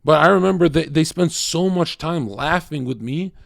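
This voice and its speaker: A male livestreamer in a casual monologue. He is blunt, crude and profane, rambling with lots of fillers and swinging between loud bursts and low mutters. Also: moderate pace, vocal fry, no echo, clean studio sound.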